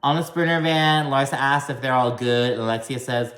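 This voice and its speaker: A man's voice: medium pitch, brisk, hardly any pauses, a bit bright, echoey room. A man giving a casual, profane and sassy recap of a reality TV episode, talking to camera. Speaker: recap commentator.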